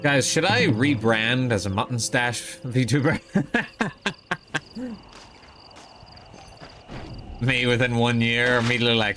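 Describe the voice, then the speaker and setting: A man's voice: medium pitch, slow pace, long pauses, sharp tone, a little hiss or hum. A man streaming a video game live, chatting casually, joking, swearing and making fun of himself. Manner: joking, swearing, self-mocking.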